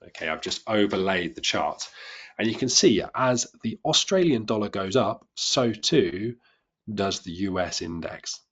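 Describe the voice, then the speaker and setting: A man's voice: on the low side, lively intonation, measured pace, fairly bright tone, husky. A man teaching a trading lesson to a live class, chatty and self-deprecating, often restarting and repeating words as he explains. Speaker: trading instructor.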